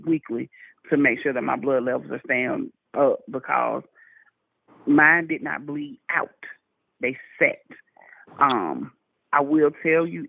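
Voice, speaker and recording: A woman's voice: low-pitched, vocal fry, dry recording. A woman telling her health testimony in a casual chat over a phone call, earnest and urging listeners to get checked. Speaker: guest sharing a health testimony. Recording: tinny phone line.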